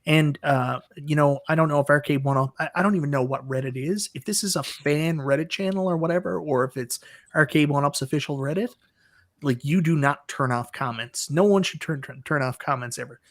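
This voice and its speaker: A man's voice: a little high, a little fast. A man hosting a casual live stream, giving blunt, opinionated takes and often repeating himself.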